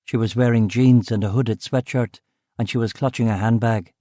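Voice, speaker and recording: Steady male audiobook narrator, dry sound. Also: mid-range voice, normal speed, no room sound. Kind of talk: first-person audiobook narration.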